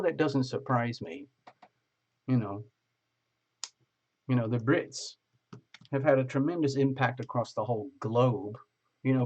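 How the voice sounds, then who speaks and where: Husky-voiced man chatting on a livestream. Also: mid-range voice, darkish tone. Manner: chatty and joking, greets viewers by name. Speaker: tarot reader hosting a live stream. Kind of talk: live stream chat, reading viewer comments.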